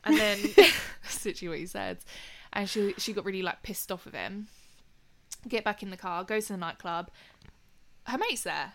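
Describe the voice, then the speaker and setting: A woman's voice: mid-range voice, lively intonation, moderate pace, a bit bright. A young woman telling a story in casual chat, swearing freely and laughing along the way. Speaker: podcast co-host telling a story.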